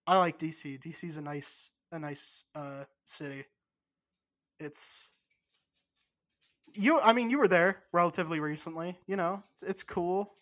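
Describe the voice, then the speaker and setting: A podcast co-host talking in a loose, rambling way and cursing casually. The voice sits at a middling pitch. It is relaxed, unscripted chat. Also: measured pace, pauses often.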